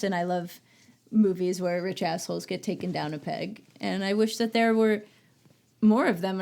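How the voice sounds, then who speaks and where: A woman's voice: fairly low pitch, gravelly, a little mellow. A woman hosting a casual podcast chat, giving opinionated film reviews and often trailing off and restarting her thoughts. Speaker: podcast host.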